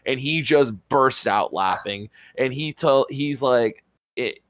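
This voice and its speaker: A man telling a rambling, excitable story as a podcast co-host, swearing casually. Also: medium pitch, takes it slowly, dry recording. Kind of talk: casual chat.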